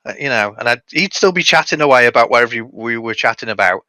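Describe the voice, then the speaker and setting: A man, a regular of the stream, telling animated anecdotes in casual group chat. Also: mid-range voice, fast talker, hardly any pauses, no echo.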